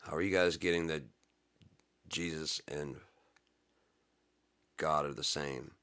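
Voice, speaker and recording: A middle-aged man giving a casual religious monologue, reading scripture slowly and riffing on it in blunt, profane everyday talk. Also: extremely low pitch, steady tone, a bit bright, clear, resonant tone. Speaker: religious commentator.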